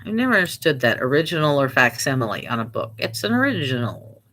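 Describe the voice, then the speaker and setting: A Midwestern woman talks fast in a deep, sing-song, fairly bright voice as she works. An online reseller and vlogger, she chats casually and thinks aloud while listing items to sell online.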